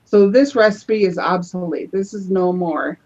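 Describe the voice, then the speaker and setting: A woman's voice: on the low side, measured pace, darkish tone, muffled recording. A woman on a live panel show casually showing her crafts, chatty, often restarting her phrases as she explains.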